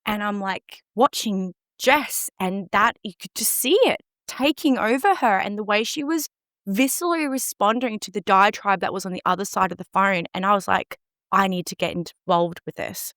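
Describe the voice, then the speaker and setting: A woman's voice: mid-range voice, normal speed, fairly bright tone, dry recording, clean studio sound. Earnest woman telling a personal story. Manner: earnest, emotionally open. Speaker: guest recounting events.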